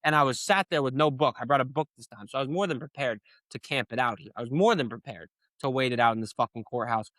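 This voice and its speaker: A tired young man hosting a casual sports talk show, ranting with lots of swearing and growing animated when annoyed. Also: mid-range voice, fast talker, dry recording. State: tired late at night. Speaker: sports podcast host.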